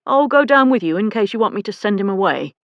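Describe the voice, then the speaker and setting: A woman's voice: medium pitch, expressive, fast talker, no echo, muffled recording, lightly acted. Woman voicing a dour protective landlord. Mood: gruff.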